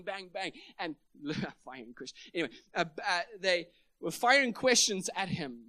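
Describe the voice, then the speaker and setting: A man's voice: sits high, bright, forceful tone, dry recording. A man preaching a sermon at a church meeting, emphatic and building up to big points.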